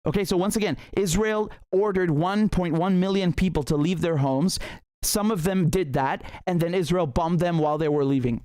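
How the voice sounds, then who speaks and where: Indignant man with a lifted pitch. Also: normal speed, mellow, no echo. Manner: indignant and sarcastic, repeats phrases for emphasis. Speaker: political commentator host. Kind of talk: impassioned solo commentary.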